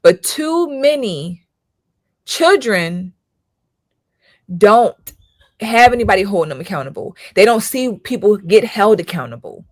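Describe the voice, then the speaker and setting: A woman's voice: mid-range voice, sing-song, unhurried, long pauses, a little mellow, dry recording, studio quality. A woman in her thirties, a school counselor hosting her own channel, talking in a casual commentary style with emphatic rhetorical questions and frequent repetition.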